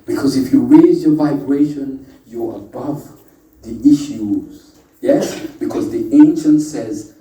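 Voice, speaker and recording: Speaking slowly in a dark, medium-pitched voice, a man leads a spiritual workshop with a chatty, playful lecture. He calls out to the live audience and teases them with wordplay. The indoor meeting room echoes, and his voice comes from a distant mic.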